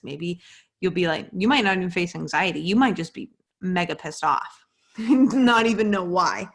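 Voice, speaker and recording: Young woman podcast host, slightly low voice, loose candid chat, swears freely. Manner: chatty, many "like" fillers, candid and swearing. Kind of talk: casual solo podcast monologue. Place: home at night.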